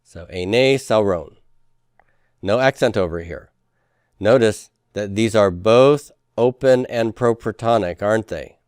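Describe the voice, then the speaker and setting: A man's voice: lowish voice, unhurried, darkish tone, smooth, no echo, clean studio sound. A man teaching a class in a lecture style, explaining step by step and often checking with the students. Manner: explanatory, asks checking questions, frequent fillers.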